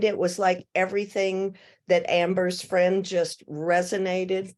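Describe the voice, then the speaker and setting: A woman's voice: fairly low pitch, flat delivery, slow pace, a little mellow. An older woman speaking heartfelt and close to tears, sharing feedback in a casual video-call chat. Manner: tearful, heartfelt.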